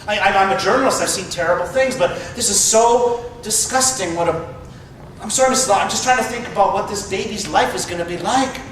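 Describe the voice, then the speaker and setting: A man's voice: high voice, fairly quick, fairly bright tone, very echoey, far from the mic, slight background noise, low-quality recording. A man playing a stammering, flustered reporter. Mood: uneasy. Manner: stammering, awkward. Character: flustered male newspaper reporter, stammering and tactless.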